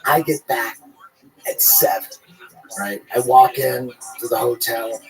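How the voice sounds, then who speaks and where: A man telling a rambling, profane story in casual podcast chat, animated and full of restarts. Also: mid-range voice, slow pace, rough recording.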